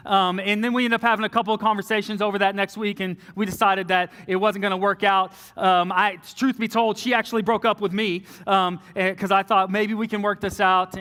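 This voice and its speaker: A young man telling a personal story from the front of a church, animated and often dropping low and soft for quoted lines. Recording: long reverb of a large hall.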